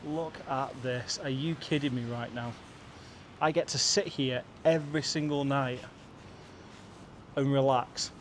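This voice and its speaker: A man's voice: medium pitch, fairly even intonation, measured pace, a little hiss or hum. A young British man with a British English accent, talking casually to camera as a travel vlogger, effusive and chatty, with a handheld camera. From Britain. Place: rented apartment and balcony, partly outdoors.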